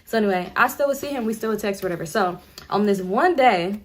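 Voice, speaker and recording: A woman's voice: medium pitch, expressive, fast, slight background noise. Chatty young woman telling a story. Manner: rambling, chatty, talks straight to viewers; slangy, laughs through the telling. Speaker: storytime vlogger. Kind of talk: casual storytime chat.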